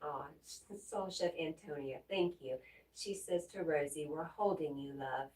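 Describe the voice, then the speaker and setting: A woman hosting a livestream, reading viewers' messages aloud and answering them in a gentle, comforting way. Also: low voice, unhurried. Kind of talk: casual livestream chat. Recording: roomy echo, mic at a distance.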